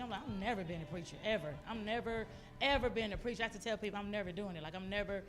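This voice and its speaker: A woman giving an emotional, loud motivational talk as a guest speaker on a church stage. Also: mid-range voice, very fast. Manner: loud, exuberant, emotional testimony to a crowd. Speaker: guest speaker, business owner.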